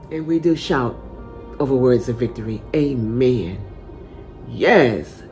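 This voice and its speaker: A woman preaching a motivational sermon with passion, dropping to a hush and then rising to loud calls of amen. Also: very deep voice. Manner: impassioned, swinging from hushed to loud, calls out amen.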